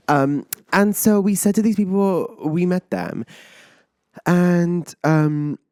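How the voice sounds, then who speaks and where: A man in his twenties hosting a podcast, telling a story in an animated, chatty way full of filler words. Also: sits high, takes it slowly, creaky, no room sound, clean studio sound. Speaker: podcast host. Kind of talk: casual storytelling chat.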